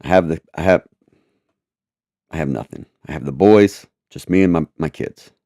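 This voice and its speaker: A man telling a personal testimony in a halting, repetitive, earnest way. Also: rumbling low, mellow, no echo, studio quality.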